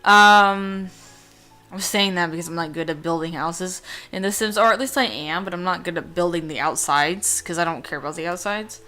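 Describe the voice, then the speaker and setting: Bright, chatty woman host. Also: lowish voice, normal speed, faint music behind. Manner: rambling, chatty, reads game text aloud. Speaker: let's play host. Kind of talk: casual gameplay commentary. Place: home room.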